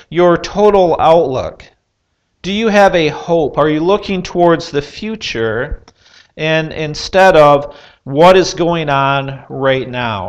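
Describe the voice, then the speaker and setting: A man preaching at an unhurried, deliberate pace, his voice sitting a little high for a man. He is earnest and measured, putting question after question to his listeners, with pauses and the odd filler. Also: muffled recording. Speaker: pastor. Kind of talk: sermon.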